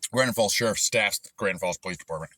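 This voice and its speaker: A man's voice: fairly low pitch, fast talker, sharp tone, dry recording. Rambling, frustrated man with dry sound. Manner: rambling, frustrated, many fillers and restarts. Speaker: channel host recounting a dispute. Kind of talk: casual rambling monologue.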